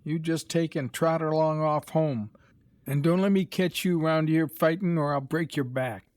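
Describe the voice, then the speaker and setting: A man's voice: fairly high pitch, fairly even intonation, moderate pace, no echo, voice pushed up, close to an everyday voice. A man reading aloud, voicing a sarcastic older stable hand who scolds fighting boys. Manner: loud, scolding, heavy dialect.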